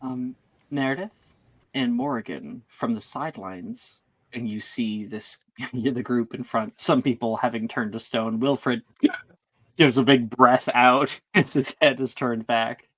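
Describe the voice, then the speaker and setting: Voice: medium pitch, a little slow, dry recording. A game master narrating a tabletop role-playing scene with lots of fillers. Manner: rambling, many fillers.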